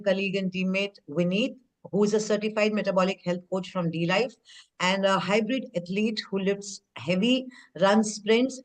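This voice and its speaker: A woman hosting an online conference, reading introductions briskly and upbeat. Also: mid-range voice, rough recording. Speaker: conference host. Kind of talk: fast scripted introduction.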